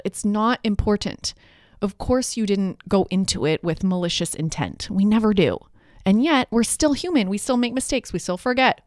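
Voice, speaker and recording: A woman hosts a solo parenting podcast, teaching in an earnest, encouraging tone. Her voice sits in the middle of the pitch range. The recording is close and dry. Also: no echo. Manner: warm, earnest, explanatory. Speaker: podcast host, parenting coach.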